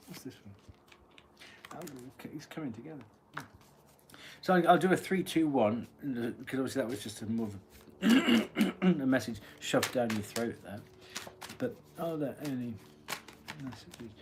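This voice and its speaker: A man giving a live-stream tarot reading, thinking aloud as he draws cards and often clearing his throat. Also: medium pitch, very animated, normal speed, long pauses, background noise. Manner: musing aloud while drawing cards, frequent throat-clearing. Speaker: tarot reader.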